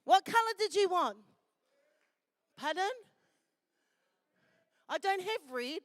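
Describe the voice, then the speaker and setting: A woman's voice: extremely high pitch, lively intonation, slow pace, no echo, clean studio sound. A woman with a New Zealand accent, MCing a live festival, chatty and affectionate with the crowd. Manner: chatty and affectionate, calls people darling. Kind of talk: live event MC, handing out and announcing. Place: festival venue.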